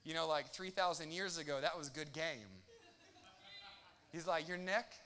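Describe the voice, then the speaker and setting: A young adult man preaching a sermon, animated and joking, with quick asides and acted-out quotes. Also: fairly high pitch, a little hiss or hum. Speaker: pastor.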